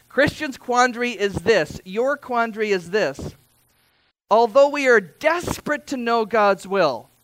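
A man preaching a sermon as pastor, speaking in a conversational way with asides and quick self-corrections. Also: sits high, a bit bright.

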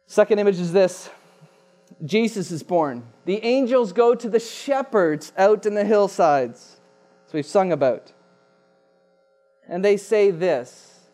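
High-voiced man preaching emphatically. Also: lively intonation, unhurried, dark tone. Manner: emphatic, repeats key phrases. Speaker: pastor. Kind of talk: sermon.

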